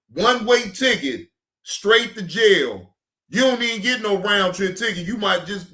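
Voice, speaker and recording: A man hosting a casual reaction stream, ranting in an animated, emphatic and joking way. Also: high-pitched. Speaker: streamer host.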